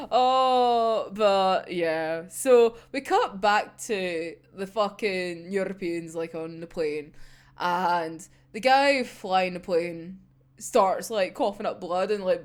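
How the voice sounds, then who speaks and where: A woman casually discussing an anime episode, animated and sweary, often breaking into laughter. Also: lowish voice, slow pace.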